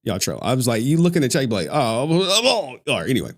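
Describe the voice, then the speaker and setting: Animated joking male livestream host. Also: medium pitch, very fast, husky. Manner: joking, profane, laughs often. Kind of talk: casual livestream chat.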